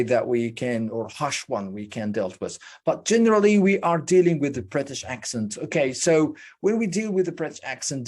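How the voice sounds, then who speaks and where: Pronunciation teacher, very slow delivery, mid pitch, drills each sound again and again, asks and answers own questions. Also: darkish tone. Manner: slow and deliberate, drilling sounds with many repetitions; explains step by step with rhetorical questions. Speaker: English speaking teacher. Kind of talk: online pronunciation lesson.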